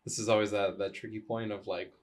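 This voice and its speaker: A soft-spoken man hosting a podcast, thoughtfully asking his guest questions. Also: fairly low pitch, level tone, fast talker. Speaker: podcast host. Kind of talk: podcast conversation.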